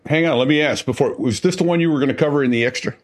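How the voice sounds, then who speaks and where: A man's voice: a little high, racing. A man hosting a casual podcast, steering the talk with short remarks. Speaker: podcast host. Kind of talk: casual chat.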